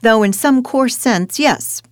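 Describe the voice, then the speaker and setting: A woman's voice: a little high, takes it slowly, no echo, clean studio sound. A woman in a scripted teaching dialogue who leads by asking questions and correcting her partner. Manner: quizzing, leading with questions.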